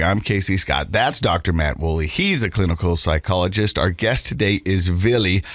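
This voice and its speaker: A man's voice: deep voice, animated, normal speed, few pauses, a bit bright, no echo. Upbeat male podcast host, easy conversational delivery, dry studio sound. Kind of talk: casual podcast interview.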